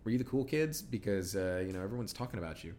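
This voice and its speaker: A man's voice: on the low side, expressive, fast talker, warm tone, a little hiss or hum. A man co-hosting a podcast, recapping a TV episode in rambling, sardonic casual chat full of fillers. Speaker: podcast co-host.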